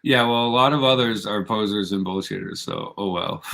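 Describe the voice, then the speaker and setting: A man's voice: lowish voice, moderate pace, vocal fry, a bit bright. A man hosting a casual live stream, laid-back and rambling, laughing often as he chats with viewers. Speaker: livestream host.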